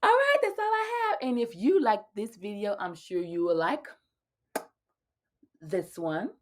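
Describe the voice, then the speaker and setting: A young adult woman talking casually to her viewers in a vlog, chatty and animated, laughing often and sometimes dropping to a hush. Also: mid-range voice, measured pace, a little hiss or hum. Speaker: vlogger. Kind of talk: casual direct-to-camera vlog talk.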